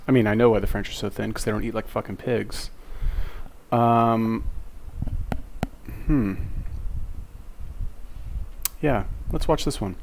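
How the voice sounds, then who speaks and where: A man's voice: on the low side, gravelly, darkish tone, a little hiss or hum, low-quality recording. A man hosting a reaction video, giving casual commentary in a rambling, sarcastic way full of fillers and swearing.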